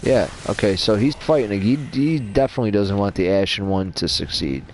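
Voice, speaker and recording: Deep-voiced, swearing gaming commentator. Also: male voice, moderate pace, a little hiss or hum. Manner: casual, rambling, heavy swearing. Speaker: gaming channel host. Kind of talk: lore commentary over gameplay.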